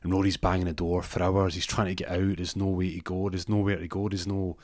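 A man's voice: sits low, flat delivery, a little fast, a little mellow, dry recording, clean studio sound. A man telling a comic story casually, rambling with restarts and asides.

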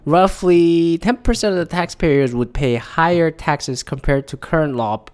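A man's voice: fairly high pitch, unhurried, a little mellow, clear, resonant tone. Sarcastic, foul-mouthed man reacting to news. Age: 30s. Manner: sarcastic, swears a lot; reads statements aloud then reacts. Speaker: commentator. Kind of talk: profane news reaction commentary.

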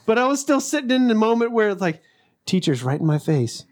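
High-voiced man telling a story. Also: fairly quick. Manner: profane, laughing, animated storyteller. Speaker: podcast co-host. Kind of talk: casual podcast storytelling.

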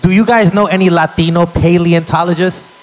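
A man imitating his gruff, blunt middle-aged father, who scolds in a harsh, profane way. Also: high voice, fairly even intonation, brisk, lightly acted, low-quality recording. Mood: scolding.

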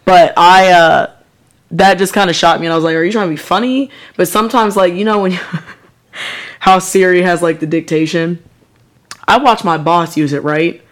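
A woman's voice: fairly low pitch, moderate pace, pauses often. Woman on a podcast, loose casual chat, curses a lot, does little voices mid story. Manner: swearing, animated storytelling with put-on voices. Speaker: podcast co-host.

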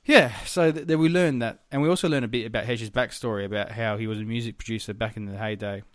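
A man's voice: lowish voice, fast talker, dry recording, clean studio sound. A man co-hosting a podcast, recapping a TV episode in rambling casual chat, swearing freely. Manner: rambling and profane, with filler words. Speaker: podcast co-host.

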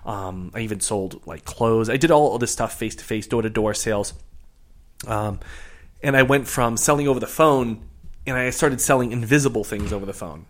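Animated man telling a story. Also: mid-range voice, normal speed. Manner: animated, lots of fillers and restarts. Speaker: podcast guest, real estate investor. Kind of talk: casual storytelling.

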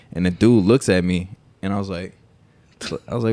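Low, mellow-voiced man telling a story. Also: moderate pace, no room sound. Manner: animated storyteller, profane, acts out quotes. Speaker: podcast co-host. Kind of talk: casual storytelling chat.

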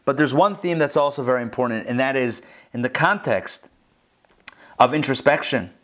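A man's voice: mid-range voice, normal speed, fairly bright tone. A man, a rabbi, teaching a live Torah class in a conversational way, with lots of rhetorical questions. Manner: conversational, many fillers and restarts, rhetorical questions. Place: school classroom.

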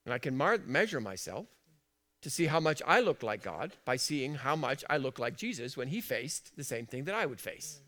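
A man preaching a sermon in a church, chatty and full of questions to the congregation, moving between soft asides and loud emphatic lines. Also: medium pitch, very animated, normal speed. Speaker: pastor.

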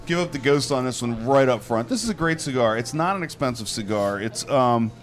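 A male co-host of a casual chat show talks in an easygoing, enthusiastic way, rambling as he describes things. His mid-range voice is animated and brisk.

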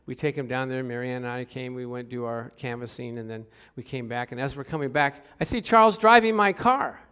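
A middle-aged man preaching a sermon, telling stories with hushed asides and sudden loud exclamations, and calling out for responses from the congregation. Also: medium pitch, a little fast, clear, resonant tone. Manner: animated storytelling, swings from hushed to loud exclamations. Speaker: pastor.

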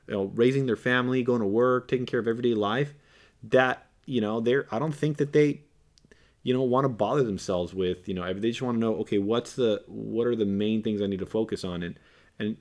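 A man's voice: mid-range voice, brisk, a little mellow. A man talking as a podcast guest, earnest and preachy, repeating phrases for emphasis and acting out quoted lines. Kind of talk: casual podcast discussion.

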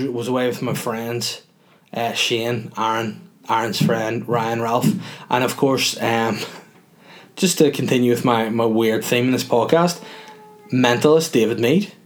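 A man hosting a podcast, spinning a loose, rambling anecdote full of self-mocking asides. His voice sits in an ordinary mid-range pitch. He talks casually, as if to friends. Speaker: podcast host. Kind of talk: casual storytelling monologue.

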